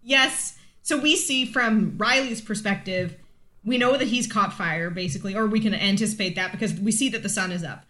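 A young adult woman co-hosting a podcast in casual chat, emotional and gushing and quick to laugh. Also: mid-range voice, pushed and bright. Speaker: podcast co-host.

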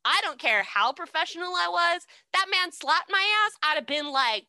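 A woman's voice: moderate pace, dry recording. A woman co-hosting a casual chat, retelling a story with lots of swearing and acting out the characters' voices. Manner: animated, profane, acts out characters with big pitch jumps. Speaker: podcast co-host.

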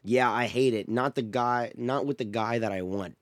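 A young man telling a story in casual chat, animated and laughing often as he goes. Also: medium pitch, moderate pace, no room sound, studio quality. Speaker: podcast host.

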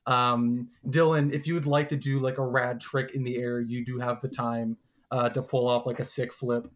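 A man's voice: medium pitch, flat delivery, moderate pace, highs cut off. A man narrating a tabletop game as game master, in loose, casual talk with fillers.

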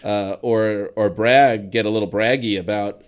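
A man co-hosting a podcast, talking in a casual, animated and teasing way. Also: measured pace. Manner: animated, teasing, jumps into high put-on voices. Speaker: podcast co-host. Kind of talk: casual chat.

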